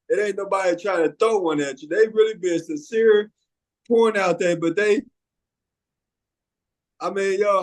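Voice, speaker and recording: Raspy-free higher-ish guy in his 40s, swearing a lot, cracking himself up, just chatting. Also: low-quality recording. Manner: profane, animated storytelling with frequent laughter. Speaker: podcast co-host. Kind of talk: casual chat.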